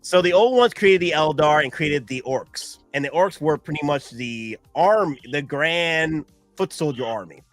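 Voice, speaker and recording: Excitable, rambling male stream host. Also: fairly high pitch, a little slow, faint music behind. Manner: excitable, rambling, laughs often. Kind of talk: casual chat.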